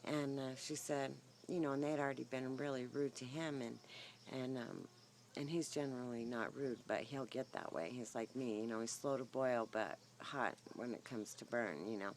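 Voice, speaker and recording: Filming by the horses with only her phone's built-in mic, a woman rambles through a long, filler-heavy story in a casual vlog, her voice a touch shaky. Her pitch is extremely low and steady at a moderate pace, with a little hiss or hum.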